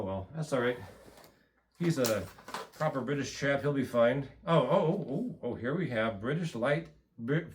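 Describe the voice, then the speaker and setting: A man hosting an unboxing video talks in an animated, chatty way, with asides and fillers. His voice sits at an ordinary middle pitch. A faint hiss runs under the recording. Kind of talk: excited casual unboxing.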